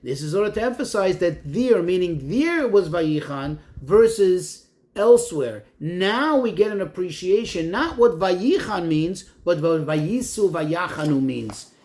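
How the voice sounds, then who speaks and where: Rabbi giving a Torah class, man a high voice and a lively pitch swinging up and down, who asks questions and then explains. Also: unhurried. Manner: poses questions then answers them, reads Hebrew phrases and translates. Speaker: rabbi teaching a text class.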